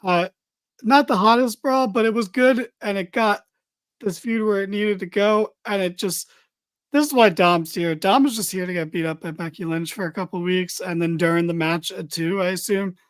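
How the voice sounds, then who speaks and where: A man's voice: sits high, moderate pace, clear, resonant tone, no room sound. A man hosting a casual wrestling podcast, recapping a show in a loose, chatty way with lots of fillers and the odd swear.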